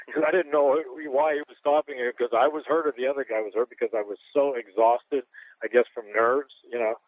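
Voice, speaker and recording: A man's voice: medium pitch, fairly even intonation, fairly quick, no echo. A man who is a retired pro boxer, telling candid anecdotes in an interview, rambling with restarts and chuckles. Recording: tinny phone-line radio audio.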